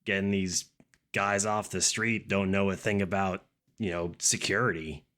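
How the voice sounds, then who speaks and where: A man's voice: low-pitched, fairly even intonation, normal speed, a bit bright. A man voicing a wary, matter-of-fact male crew member in a tabletop game.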